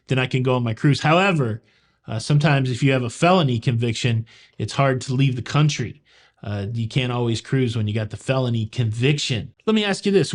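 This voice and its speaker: A man from the American South with a Southern accent, hosting a cruise news show in a joking, wisecracking way and talking straight to viewers. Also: mid-range voice. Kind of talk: casual news commentary.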